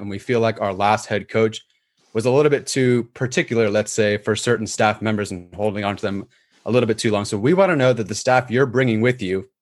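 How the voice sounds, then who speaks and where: Man moderating a mock interview. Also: lowish voice. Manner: brisk, moderating. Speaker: podcast host playing a general manager.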